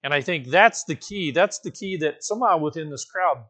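A man's voice: on the high side, lively intonation, moderate pace, bright, forceful tone. A man preaching a conversational sermon, correcting himself as he goes and rising now and then to emphatic, raised passages. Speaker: pastor.

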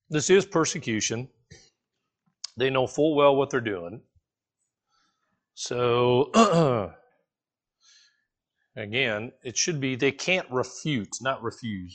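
A man preaches in a relaxed, conversational way, putting questions to the congregation and dropping in jokes. His voice sits at a middling pitch and swings up and down as he talks. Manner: casual, animated, asks the listeners questions, jokes, restarts often. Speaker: pastor teaching a Bible study. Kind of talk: conversational sermon.

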